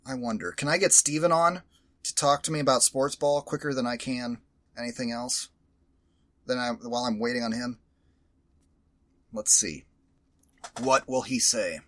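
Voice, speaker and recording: A man hosting a podcast in casual chat, rambling, animated and profane. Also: mid-range voice, moderate pace, long pauses, no room sound. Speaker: podcast host.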